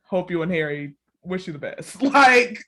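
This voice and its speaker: A woman's voice: a little slow, a crowd in the background. Woman podcast co-host, casual storyteller, laughs a lot, acts out the quotes. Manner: animated storytelling, acts out quotes with big pitch jumps; laughs often, fills with "like" and "all the things". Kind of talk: casual chat recapping a reality show.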